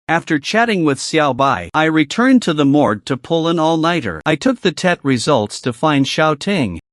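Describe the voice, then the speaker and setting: A man reads out a motion-comic story with a lively, rising-and-falling voice that sits a little high. The sound is dry and close, with no room around it. He hardly changes his voice from one figure to the next. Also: moderate pace, few pauses, no echo. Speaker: narrator voicing every figure. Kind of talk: scripted motion-comic narration.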